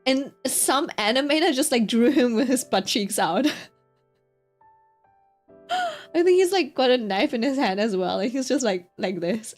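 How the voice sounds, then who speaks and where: A young woman with a slightly high voice chats on her stream, wandering through a story with plenty of fillers. She giggles often and restarts her sentences. Faint music plays in the background. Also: sing-song, a little slow. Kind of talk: casual stream chat.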